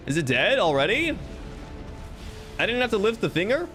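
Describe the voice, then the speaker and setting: A man streaming a game, chatting casually with animated, jokey, sometimes crude asides over faint game music. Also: sits high, moderate pace. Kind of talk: casual let's-play commentary.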